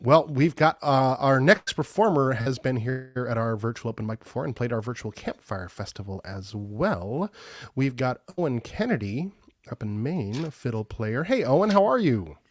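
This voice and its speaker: A man's voice: mid-range voice, expressive, moderate pace, no echo. A man hosts a virtual open mic with upbeat, friendly patter, often repeating words as he goes. His voice sits mid-range and sounds dry and close, with no room around it. He speaks from home over a video call.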